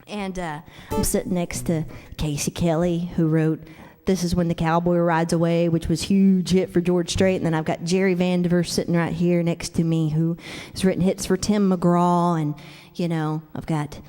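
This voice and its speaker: A woman's voice: lowish voice, level tone, moderate pace, dark tone. A woman singer-songwriter chatting with the crowd between songs, joking and self-deprecating. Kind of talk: stage banter between songs. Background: guitar music.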